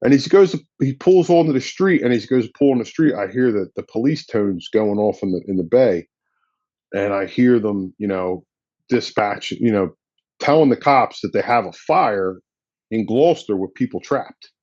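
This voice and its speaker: A man's voice: on the low side, animated, moderate pace, darkish tone, no echo, dull audio. A man, a firefighter guest, telling a story in a blunt, casual way with slang and swearing. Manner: blunt and profane, drops in slang.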